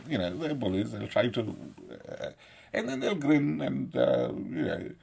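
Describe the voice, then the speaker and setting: A man's voice: medium pitch, very animated, measured pace, gravelly, darkish tone, husky. A middle-aged man from South India, giving a rambling, profane political monologue and laughing often between points. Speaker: commentator.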